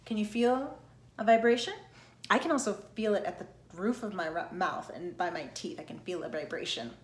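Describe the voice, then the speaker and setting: A singing coach gives an online lesson in a medium-pitched voice at normal speed, explaining plainly, often asking "okay?", and singing short demonstration notes. Her room sounds echoey.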